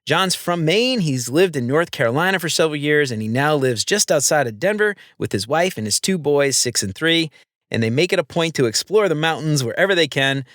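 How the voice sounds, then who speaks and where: A man's voice: fairly high pitch, expressive, brisk, a bit bright, no echo, studio quality. A man hosting a casual podcast, upbeat and laid-back with slangy greetings. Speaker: podcast host.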